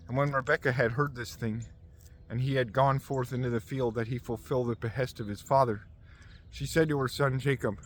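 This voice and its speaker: A man reading scripture aloud at a measured pace, with occasional stumbles and restarts. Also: mid-range voice, steady tone, slight background noise. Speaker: scripture reader.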